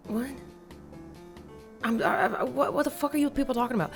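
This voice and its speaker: A woman's voice: high-pitched, lively intonation, normal speed, pauses often, faint music behind. A young woman chatting casually in a gaming vlog, blunt and sweary, laughing often. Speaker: gaming YouTuber.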